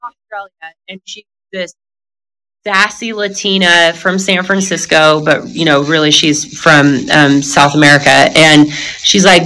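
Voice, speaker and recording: A middle-aged woman talks candidly in a conversation, her voice bright and forward. She is blunt and profane, laughing as she goes and acting out other people's lines as she tells her story. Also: deep voice, steady tone, a little slow, poor audio. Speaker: guest telling her recovery story.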